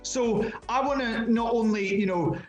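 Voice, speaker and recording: Scottish guy talking fast and excited in an interview, high voice, echoey room with faint music. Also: muffled recording. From Scotland. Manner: animated and chatty, with quick restarts and repeated words. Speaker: interview guest, drag performer. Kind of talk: casual interview chat.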